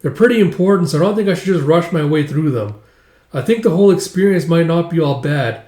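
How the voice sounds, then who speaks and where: A man voicing a flustered young woman embroiderer who rambles quickly, in a roomy-sounding recording. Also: on the high side, lively intonation, dark tone, voice pushed up, close to an everyday voice. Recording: roomy echo.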